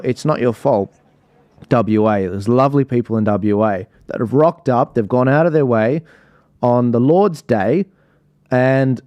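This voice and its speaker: A man's voice: medium pitch, warm tone, no room sound, dull audio. A man hosting a livestream, commenting live with exasperated sighs and apologies to his viewers. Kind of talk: live commentary over stream.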